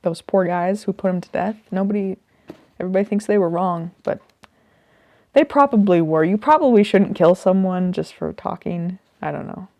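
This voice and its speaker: Her voice is lowish and darkish, at normal speed, captured with no room sound. She's a host casually musing on a book, thinking aloud and rambling as she talks it through.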